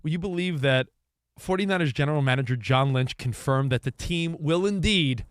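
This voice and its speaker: A man co-hosting a sports talk radio show from a studio, bantering and teasing with quick jokes. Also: fairly high pitch, clean tone, no echo.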